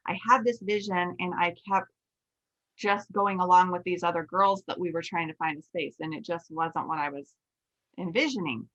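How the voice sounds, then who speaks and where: In a lowish voice at a moderate pace, a woman in her forties hosts a podcast and shares a story in casual conversation. She teaches nails, and she recounts things candidly and animatedly, quoting what she said to herself. The high frequencies of the recording are cut off.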